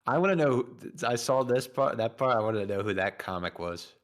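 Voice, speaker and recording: A man co-hosts a comedy talk show with dry, wry remarks. His voice sits at an ordinary pitch in loose banter. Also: lively intonation, a little fast. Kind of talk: casual comedic chat.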